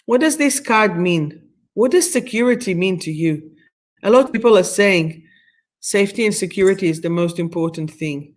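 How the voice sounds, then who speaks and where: This middle-aged Israeli woman speaks in a mid-range voice with lively intonation at a moderate pace. She is guest-hosting a live stream, leading a guided meditation and reading oracle cards in a soothing, affirming manner with slightly phrasing.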